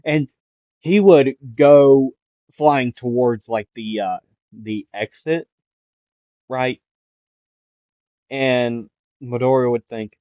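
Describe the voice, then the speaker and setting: A man making up an anime fan-fiction story out loud, rambling with lots of fillers and self-corrections. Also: mid-range voice, slow pace, pauses often, no echo. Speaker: anime YouTuber. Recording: dull lo-fi dry mic.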